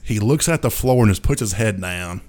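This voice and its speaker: A man's voice: on the low side, lively intonation, brisk, darkish tone, slight background noise. A man co-hosting a podcast, telling a story in a rambling casual way with his own sound effects. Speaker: podcast co-host. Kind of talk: casual chat.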